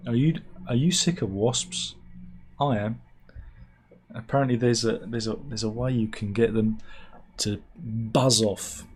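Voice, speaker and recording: Husky man, wry comic news chat. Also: on the low side. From United Kingdom. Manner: wry, deadpan asides and mock outrage. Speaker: satirical news vlogger.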